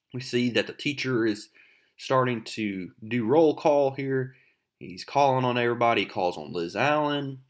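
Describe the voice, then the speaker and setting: A man chatting casually as he recaps a comic book and reads its dialogue aloud. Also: lowish voice.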